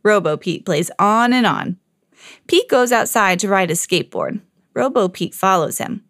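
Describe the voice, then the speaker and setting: A woman hosting a children's podcast, reading a picture book aloud in a clear storytelling voice. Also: mid-range voice, big pitch swings, moderate pace, a bit bright, no room sound, clean studio sound.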